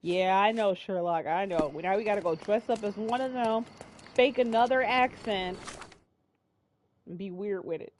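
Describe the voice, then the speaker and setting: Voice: medium pitch, normal speed, a little hiss or hum. Joking let's play commentator. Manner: joking, chatty. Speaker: game streamer.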